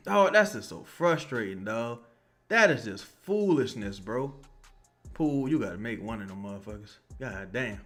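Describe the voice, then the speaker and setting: A man's voice: mid-range voice, expressive, a little slow, fairly bright tone, faint music behind. A young man watching a basketball game and reacting live, swearing a lot and ranting in bursts. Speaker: basketball commentator streamer.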